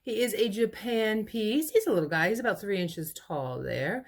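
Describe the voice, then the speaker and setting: A woman who owns a vintage shop runs a casual live clearance sale, animated and moving at a moderate pace with few pauses. She fondly calls her pieces cute little babies and ends each pitch with a price and lot number.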